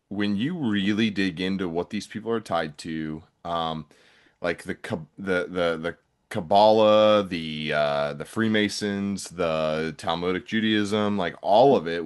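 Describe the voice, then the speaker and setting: A man hosting a podcast, talking in a casual, rambling way with many restarts. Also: deep voice. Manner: rambling, frequent restarts and fillers. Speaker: podcast host.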